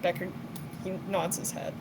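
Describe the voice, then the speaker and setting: A woman's voice: normal speed, very noisy. A woman playing in a tabletop game, describing her character's actions in a hesitant, casual way. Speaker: player.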